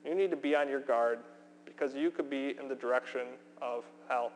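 A man preaching a sermon as pastor, earnest and emphatic, slowing down with deliberate pauses for weight. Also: mid-range voice. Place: church sanctuary. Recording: long hall reverb, faint hum.

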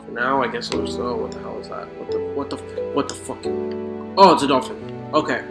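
A man giving excitable let's play commentary while gaming, swearing and talking to the creatures in the game. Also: mid-range voice, brisk, gravelly. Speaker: gamer. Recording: roomy echo with faint music.

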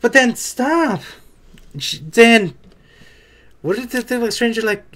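A man giving casual anime reaction commentary, excitable and swearing as he blurts out his reactions. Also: very high-pitched, slow pace. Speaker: anime reaction video creator.

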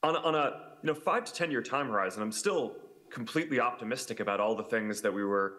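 Man, 30s, interview guest, bright forceful tone, halting fast talk. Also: medium pitch. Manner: fast, halting, many fillers and restarts. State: has the hiccups. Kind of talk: casual chat.

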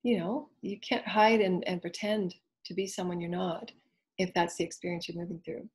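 A woman spiritual teacher giving an inspirational talk, speaking in earnest, flowing phrases and soft repeated affirmations. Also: lowish voice, fairly even intonation, moderate pace, husky. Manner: earnest, flowing, at times whispered.

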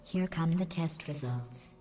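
A cold, insulting AI. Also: female voice, deep voice, measured pace, music in the background. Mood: deadpan mocking. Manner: flat, clinical insults. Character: deadpan sarcastic female AI, coldly insulting. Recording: echoey game audio with noise.

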